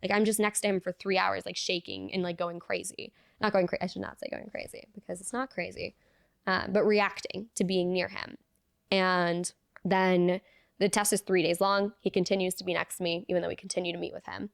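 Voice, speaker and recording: A woman's voice: on the low side, fairly quick, vocal fry, dry recording, studio quality. A young adult woman, a guest in an interview, earnestly telling a personal story and peppering it with "like". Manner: earnest, fillers of "like", reenacts dialogue.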